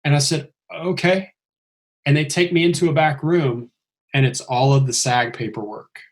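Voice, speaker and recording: On a podcast, a man recounts his stuntman story at normal speed with a mid-range voice. He tells it casually and at length, growing animated and raising his voice to act out quoted lines.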